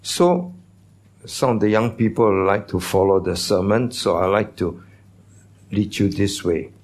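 A pastor preaching a sermon in a church, teaching in a conversational way and putting questions to the congregation. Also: male voice, on the low side, a little slow, a little mellow.

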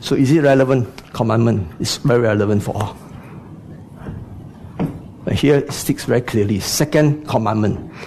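A man's voice: mid-range voice, normal speed, vocal fry, pauses often, noisy background. A man preaching a sermon, speaking to the congregation with frequent rhetorical questions and "you know" asides.

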